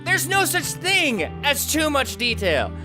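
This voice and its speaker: A man hosting a let's play, chatting to himself as he plays and swinging between loud outbursts and quiet mumbling. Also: very high voice, sing-song, unhurried, over music. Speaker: gaming channel host.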